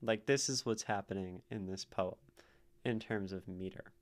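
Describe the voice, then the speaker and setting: A man's voice: fairly low pitch, normal speed. A man hosting a live stream, casually analyzing poetry and thinking aloud as he taps out rhythms in syllables. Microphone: streaming mic.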